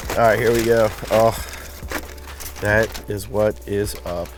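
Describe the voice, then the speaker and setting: Outdoors at a smoker in a backyard, a New England man who hosts a barbecue cooking channel serves food to friends in an upbeat, jokey way. His fairly low voice has a steady tone and slow pace, heard over music.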